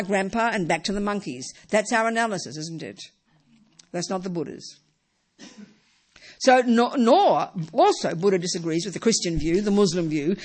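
A woman teaching a Buddhist lesson in an informal, emphatic way, often tossing in rhetorical tag questions and "you know" asides. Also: mid-range voice. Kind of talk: informal dharma talk.

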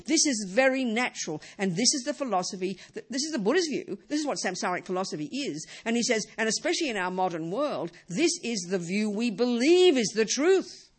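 A woman's voice: a little high, very animated, a little fast, hardly any pauses, slightly rough. A woman teaching Buddhism in a talk, emphatic and full of rhetorical questions.

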